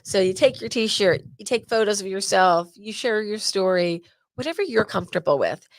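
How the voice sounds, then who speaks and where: A woman's voice: medium pitch, expressive, moderate pace, dry recording. A woman hosting a live awareness event, chatty and openly emotional as she presents. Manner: warm, emotional, chatty, uses y'all.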